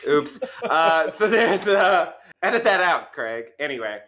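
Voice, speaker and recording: A man's voice: fairly high pitch, big pitch swings, a little slow, bright, forceful tone. A man in a casual podcast discussion, hesitant and full of restarts and "like".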